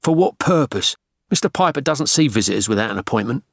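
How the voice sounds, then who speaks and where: A man's voice: medium pitch, expressive, fast, creaky, breathy edge, dry recording, studio quality, pitched above the performer's own voice. A man voicing a stern, curt male gatekeeper on an intercom, with a heavy London accent. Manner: curt, blunt.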